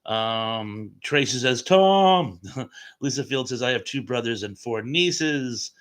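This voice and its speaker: A man's voice: medium pitch, lively intonation, slow pace, a bit bright. A man hosting a live chat stream, reading viewer comments aloud in a chatty, rambling way with lots of ums and uhs.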